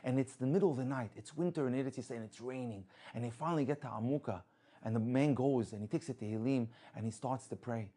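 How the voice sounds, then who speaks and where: A man telling an inspirational religious story with lively delivery, acting out the people in it. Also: medium pitch, fast. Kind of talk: inspirational story told to an audience.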